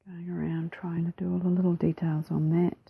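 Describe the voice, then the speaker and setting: A woman with a New Zealand accent narrating her craft process over a time-lapse, soft-spoken and relaxed, often slipping into a whisper, a little self-deprecating. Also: on the low side, brisk, creaky, slightly rough, phone-quality sound. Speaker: mixed media artist.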